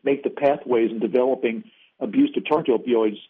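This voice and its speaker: Brief: quick, husky-voiced male guest over a tinny phone line. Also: medium pitch. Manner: fluent, policy-focused, frequent "you know" fillers. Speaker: interview guest, former agency official. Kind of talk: interview on a call-in line.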